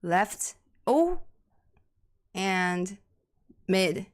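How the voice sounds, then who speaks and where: A woman from Taiwan with a Taiwanese accent, a native Mandarin speaker, doing chatty, excitable live esports commentary in English. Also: mid-range voice. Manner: excitable, chatty, quick to laugh and gasp. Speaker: esports caster.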